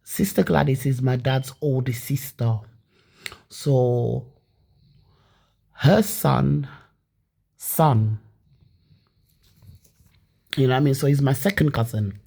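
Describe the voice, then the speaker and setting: A woman's voice: a bass voice, slow pace, vocal fry, long pauses, mellow, breathy edge. A woman from Leeds telling her own story casually and animatedly, with many restarts and some swearing. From Leeds, England.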